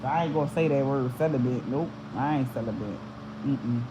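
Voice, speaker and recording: A woman's voice: rumbling low, brisk, noisy background. A woman hosting a spiritual channel, chatting casually to her viewers in a blunt, profane way and laughing often.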